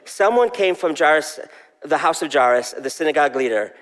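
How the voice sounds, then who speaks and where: A man's voice: fairly high pitch, expressive, fairly quick, a bit bright, big-room sound. A male pastor preaching a sermon in a conversational way, asking the congregation questions.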